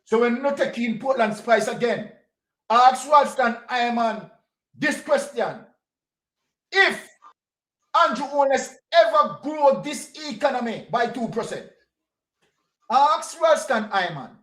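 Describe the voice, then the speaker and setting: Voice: medium pitch, animated, takes it slowly, long pauses, a bit bright. A political commentator with a Jamaican accent, ranting passionately, repeating points and firing off rhetorical questions. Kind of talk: impassioned political vlog rant. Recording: roomy echo.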